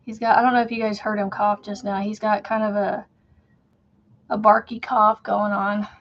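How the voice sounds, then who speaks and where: A woman's voice: medium pitch, level tone, moderate pace, highs cut off. A woman in her thirties hosting a casual crochet livestream from home, chatting in a rambling way and laughing often as she works. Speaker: crochet channel host.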